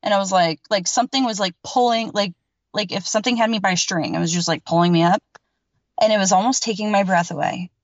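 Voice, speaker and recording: A woman's voice: mid-range voice, fast, no echo. A woman recounting her own story to an interviewer in a loose, emphatic way, packing her sentences with filler words and the odd curse. The sound is a little dull and lo-fi, and the room is dead and dry. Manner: rambling and emphatic, heavy on filler words, swears freely. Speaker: podcast guest telling a paranormal story.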